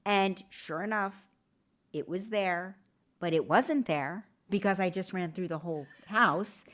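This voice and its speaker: A woman in her fifties hosting a talk show, telling animated stories and swearing freely. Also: lowish voice, measured pace. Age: 50s. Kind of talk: casual chat.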